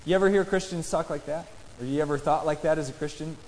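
A man's voice: on the high side, quick pace, darkish tone, slight background noise. A man preaching a sermon and reading scripture, talking in a conversational way and putting questions to his listeners. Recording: long reverb in a large hall.

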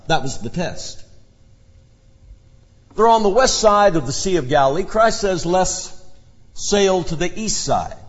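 High, lively male preacher in a reverberant hall. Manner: expository Bible teaching, dramatic shifts in emphasis. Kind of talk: sermon. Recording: dull lo-fi sound with long hall reverb.

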